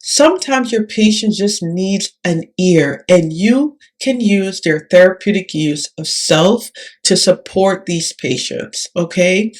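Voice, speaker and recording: A woman tutoring occupational therapists in a video lesson, speaking calmly and often checking in with "all right?". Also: on the low side.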